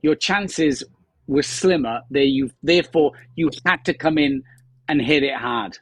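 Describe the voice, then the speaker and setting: A man's voice: a little high, unhurried, breathy edge, dry recording. A man in his fifties, a guest actor chatting on a podcast, telling stories and acting out the lines of people on set. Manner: animated storyteller acting out quotes. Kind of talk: casual podcast chat.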